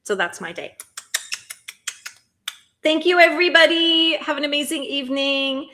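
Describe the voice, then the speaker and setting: A woman's voice: high voice, lively intonation, measured pace, bright, forceful tone. A middle-aged woman hosting a livestream, chatting casually and reading viewers' messages aloud at a desk mic. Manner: chatty, rambling, reads chat aloud. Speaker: livestream host. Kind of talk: casual chat closing a stream.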